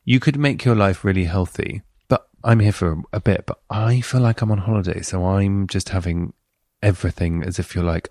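A deep-voiced British man hosts a podcast in a loose, chatty way that keeps bouncing up and down in tone. He is recorded on a close mic in a dead, dry room. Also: normal speed, no room sound. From United Kingdom. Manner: chatty and playful, with lively swings in pitch. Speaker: podcast host. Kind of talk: casual chat.

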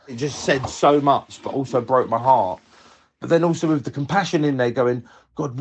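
A man, telling a personal story in a reflective, tender, unhurried way. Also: medium pitch, husky.

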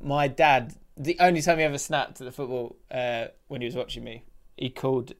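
A man's voice: mid-range voice, little pitch movement, brisk. A man co-hosting a football podcast, chatting casually and laughing as he reads listener messages aloud. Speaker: podcast co-host. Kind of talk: casual chat.

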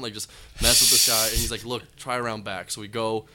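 A man's voice: on the low side, fairly even intonation, fast talker, noisy background. A young man, a comedian guest, telling long, rambling anecdotes in casual chat. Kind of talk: casual storytelling.

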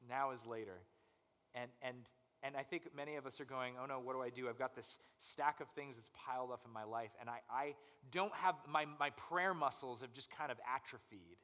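A young man preaching a conversational sermon as pastor, animated and acting out people's inner voices. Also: medium pitch, big-room sound.

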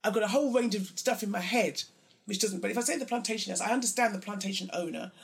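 A woman speaking candidly in a conversation, animated and acting out others' words in voices. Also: quick pace, creaky. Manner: animated, acts out quotes in high mocking voices.

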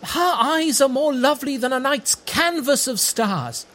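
Pompous knight, lovestruck and tactless, grand old-fashioned speech, swooping animated delivery, comedy audio drama. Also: high-pitched, measured pace. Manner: grandiose archaic speech, flowery and theatrical.

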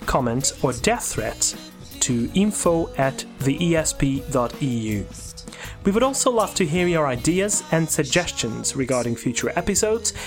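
A man hosting a podcast, reading a scripted outro and then joking with his co-host about his own slips. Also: a little high. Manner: reads the outro smoothly, stumbles and laughs at his own slips.

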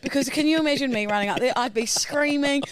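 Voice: sits high, quick pace, no echo. A podcast co-host in casual chat who reacts strongly and drifts into anecdotes. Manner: reacts loudly and digresses into own anecdotes.

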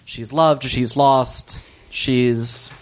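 A man's voice: mid-range voice, fairly even intonation, drawn-out words, rough recording. A man hosting a casual podcast chat, recapping a story with filler ums and easy chuckles. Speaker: podcast host recapping an episode.

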